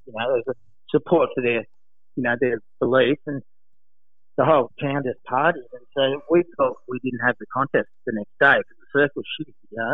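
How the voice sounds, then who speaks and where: A man, a former pro surfer, telling animated anecdotes in casual chat, acting out voices and laughing often. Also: medium pitch, dry recording. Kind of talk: casual storytelling. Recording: dry, phone-like narrow sound.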